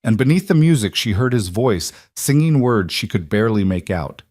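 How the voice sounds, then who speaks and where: A man narrating a frontier storybook, slow, solemn and measured. His voice sits low. The recording is close and dry. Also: big pitch swings, a little mellow, no echo.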